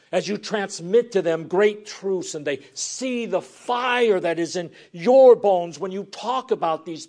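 Earnest preaching man, fairly high voice. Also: gravelly. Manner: earnest, dynamic preaching that drops to hushed near-whispers for emphasis. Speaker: pastor. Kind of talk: sermon.

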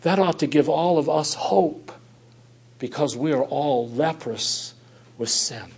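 Man preaching with loud rises and quiet drops. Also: fairly high pitch, slow pace, slightly rough. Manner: dynamic, swings from loud emphatic rises to quiet soft drops; asks the listeners rhetorical questions. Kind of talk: sermon.

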